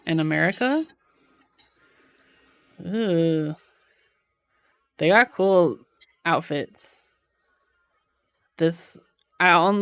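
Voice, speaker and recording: A woman streaming from home, chatting with her viewers in an unhurried, low-pitched way. She fills her talk with "like" and laughs easily, and her voice sounds close and dry, with no room echo. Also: clean tone. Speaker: live streamer. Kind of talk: casual chat while reading live chat.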